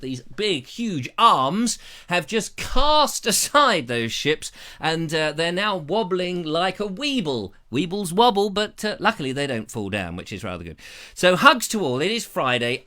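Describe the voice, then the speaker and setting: A man's voice: on the high side, pushed and bright. Playful rambling man hosting. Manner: jokey, rambling, playful asides. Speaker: host. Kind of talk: live-stream chat.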